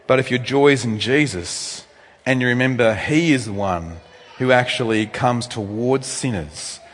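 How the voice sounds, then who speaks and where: A male pastor giving a conversational sermon with asides, swinging from loud, high emphasis down to soft, low tones. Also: measured pace. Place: church hall. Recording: long reverb in a church hall.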